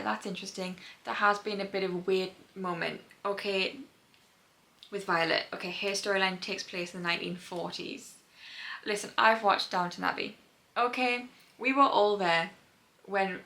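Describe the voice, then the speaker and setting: Bright-voiced young woman with light Geordie accent. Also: mid-range voice. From North East England. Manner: chatty, rambling, wanders into tangents. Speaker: book vlogger. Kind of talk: casual chat to camera.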